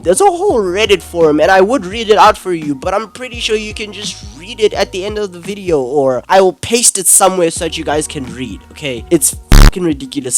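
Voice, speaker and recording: A young man giving an angry, exasperated, swearing commentary rant. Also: fairly high pitch. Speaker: commentary YouTuber. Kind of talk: ranting video commentary.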